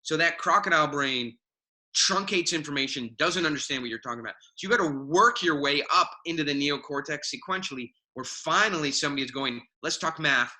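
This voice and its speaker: A man talking as a guest mentor on a video call, animated and self-mocking, acting out quoted voices. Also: a little high, brisk, poor audio. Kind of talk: casual video call chat.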